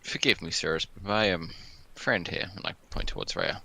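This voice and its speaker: A man playing a tabletop game, speaking in a playful, lively way. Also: low voice, normal speed, creaky. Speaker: player. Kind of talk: casual tabletop game play.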